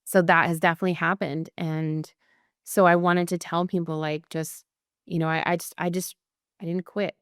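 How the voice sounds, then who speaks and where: A woman's voice: lowish voice, flat delivery, moderate pace, smooth, no echo, studio quality. A woman guest on a podcast talking candidly and earnestly, in loose phrases full of fillers. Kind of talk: candid conversational interview.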